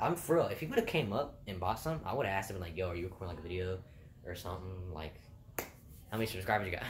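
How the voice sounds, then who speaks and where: A young man vlogging, telling stories from his job casually, laughing often and swearing freely. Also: mid-range voice. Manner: laughing, animated and profane. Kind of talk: casual storytelling. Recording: roomy with faint background noise.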